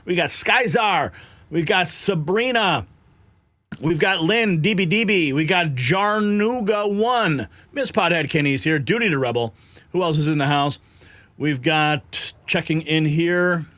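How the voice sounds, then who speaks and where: A man's voice: a little high, lively intonation, measured pace, a bit bright, dry recording. A man hosting a live political news stream, frustrated and agitated, sighing and swearing between headlines. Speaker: livestream news host.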